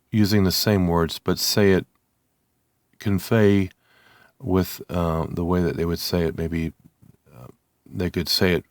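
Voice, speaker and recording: Slow, halting man with a deep voice. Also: no room sound, studio quality. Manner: slow, halting, many ums and restarts. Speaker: channel host. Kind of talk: unscripted monologue to camera.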